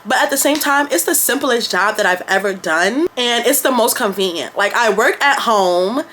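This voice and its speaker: A woman's voice: a little high, expressive, moderate pace, a bit bright. A young woman vlogger from New York, talking candidly and with plenty of slang and swearing in a casual chat to her camera.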